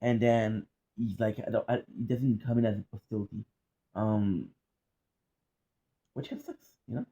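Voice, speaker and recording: A man's voice: fairly low pitch, flat delivery, moderate pace, mellow, highs cut off. A man hosting a reaction video, giving casual, candid, profane commentary with lots of restarts and fillers.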